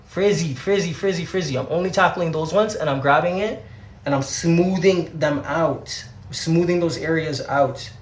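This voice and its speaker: A man's voice: a little high, normal speed. A young Canadian man with a Canadian accent, chatting casually during a hair tutorial livestream. He is laid-back and slangy and repeats his words. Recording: echoey room.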